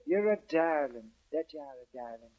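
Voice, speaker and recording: A man's voice: on the high side, lively intonation, moderate pace, lightly acted. An actor playing a cheerful Irish policeman turned into an Irish setter, with a put-on Irish brogue, in 1940s radio comedy acting. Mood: jaunty. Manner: boisterous, joking, sing-song brogue. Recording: dull, hissy 1940s radio broadcast.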